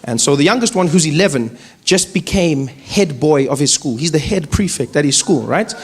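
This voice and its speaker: A male stand-up comedian telling stories on a live stage in an animated, playful way, using a handheld mic. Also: a little high, moderate pace, husky. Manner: animated, playful storytelling with big vocal swings. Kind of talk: stand-up storytelling. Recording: live comedy club with noise.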